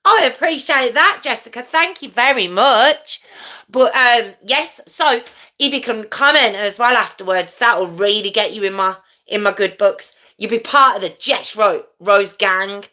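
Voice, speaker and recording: A woman's voice: fairly high pitch, a little slow, bright, forceful tone. A woman in her forties hosting a casual live stream, chatty and rambling, teasing herself and answering viewer comments.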